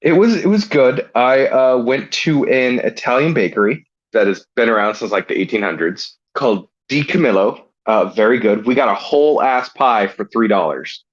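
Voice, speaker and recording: A man co-hosting a podcast, chatting casually in a relaxed, rambling way. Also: medium pitch, normal speed, few pauses, lo-fi sound. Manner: relaxed, rambling, laughs easily. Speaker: podcast co-host. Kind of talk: casual chat.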